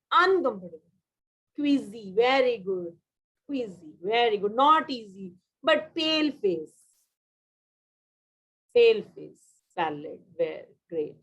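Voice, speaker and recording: A woman's voice: fairly high pitch, big pitch swings, a bit bright, husky, lo-fi sound. A woman with an Indian English accent teaching a vocabulary class, drilling synonyms, praising students and slipping into Hindi. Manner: switches into Hindi mid-sentence, drills words, quick praise.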